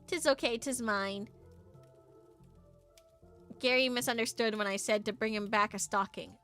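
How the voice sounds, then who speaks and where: A fretful ghost mother with quaint, folksy turns of phrase, voiced by a woman. Her tone is bright and keen, with gentle music behind. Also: on the high side, a little slow. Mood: matter-of-fact. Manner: old-fashioned folksy dialect.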